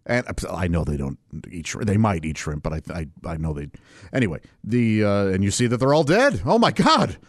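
This podcast host talks on his own show in a deep, very animated voice, a little fast, wandering casually from thought to thought. He often restarts sentences and chuckles to himself, with studio-quality sound and no room echo.

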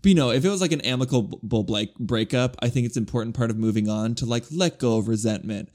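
A man's voice: mid-range voice, quick pace, darkish tone. A young man co-hosting a podcast, chatting casually and filling his talk with "like". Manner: chatty, peppered with "like". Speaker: podcast co-host.

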